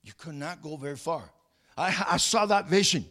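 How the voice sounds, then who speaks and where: A man's voice: on the high side, normal speed, sharp tone. A man preaching a sermon, reading scripture aloud and preaching with rising fervor, often restarting and repeating words. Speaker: pastor.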